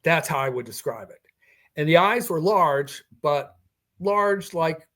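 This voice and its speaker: A man's voice: fairly high pitch, a bit bright. Older man recounting a strange encounter. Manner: recounting a personal encounter with quoted dialogue and chuckles. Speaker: guest. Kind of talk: storytelling in a podcast interview.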